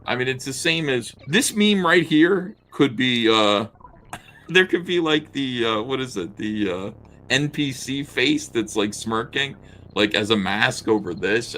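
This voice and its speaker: A co-host with a somewhat bright, mid-range voice makes fun of a comic as he pages through it, sketching at his desk all the while. The talk is casual, with frequent laughs and swearing, over slight background noise.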